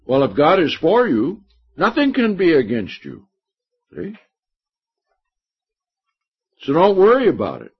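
A man's voice: fairly high pitch, wildly swooping pitch, breathy edge. A man preaching a sermon, reading scripture aloud and stressing points emphatically. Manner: slow, emphatic Bible teaching with scripture readings. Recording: dull lo-fi recording.

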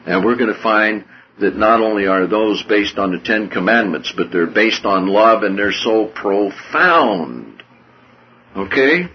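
A man preaching a sermon with a husky voice, swinging from hushed low passages to loud, high-pitched outbursts. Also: expressive, unhurried, dull audio, slight background noise.

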